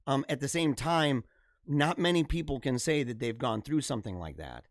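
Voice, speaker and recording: A man's voice: mid-range voice, lively intonation, normal speed, no room sound, studio quality. A man in his thirties hosting a live stream, reading viewer comments in fervent, slangy casual talk with lots of emphatic repetition.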